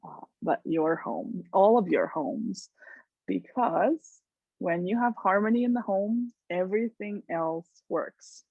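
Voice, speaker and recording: A woman hosting a talk show, chatting casually and telling stories with lively acted-out voices. Her pitch sits in the middle range for a woman. The sound is dry and dead, with a slightly muffled top end. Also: slow pace, no echo. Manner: animated storyteller who acts out voices. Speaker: host.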